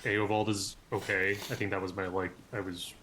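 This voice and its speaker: A man playing in a tabletop game, chatting casually and getting excited. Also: low-pitched, normal speed, slight background noise. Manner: excitable, animated. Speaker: player.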